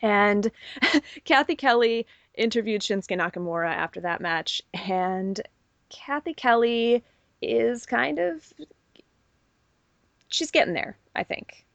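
A woman's voice: a little high, expressive, takes it slowly, creaky, pauses often, fairly bright tone, dry recording, muffled recording. A woman co-hosting a podcast, giving an enthusiastic, opinionated casual recap. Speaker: podcast co-host. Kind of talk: casual wrestling recap chat.

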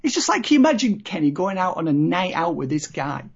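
Husky woman chatting on a podcast. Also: lowish voice, big pitch swings, quick pace. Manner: chatty, rambling, frequent "you know". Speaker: podcast co-host. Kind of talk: casual chat about reality TV. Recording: dull lo-fi podcast audio.

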